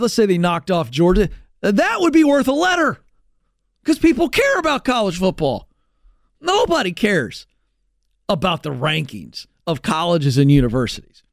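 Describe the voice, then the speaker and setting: A man with a high-pitched, lively voice delivers a sarcastic opinion rant as a talk-show host. His pitch swings widely as he mocks and exaggerates. The sound is dry and close, as if from a studio microphone. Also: no room sound. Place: radio studio.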